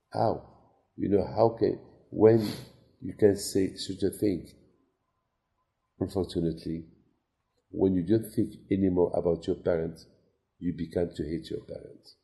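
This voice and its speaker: Rabbi giving a sermon, gravelly and very dark tone, story-driven preaching. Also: male voice, deep voice, steady tone, unhurried, pauses often. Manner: non-native phrasing, storytelling with quoted dialogue.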